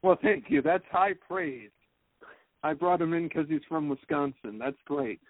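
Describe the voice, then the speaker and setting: Male co-host, wry and animated storyteller, fairly high voice, phone-like audio. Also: a little slow, dry recording. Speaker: podcast co-host. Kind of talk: casual podcast chat. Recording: narrow phone-like sound, dry.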